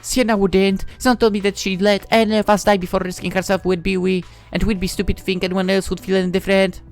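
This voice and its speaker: A performer voicing an excitable, diminutive girl who keeps pitching strange homemade products, talking in quick pleading sales patter. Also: soft background music, lightly acted. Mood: earnest. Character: small excitable girl peddling odd products.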